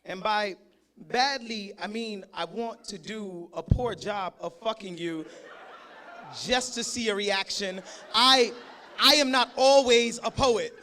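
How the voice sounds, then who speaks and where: A man's voice: high voice, slow, sharp tone. A man performing spoken word on a live stage, joking and swearing between rhythmic, punchy lines of poetry. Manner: profane, joking, rhythmic delivery.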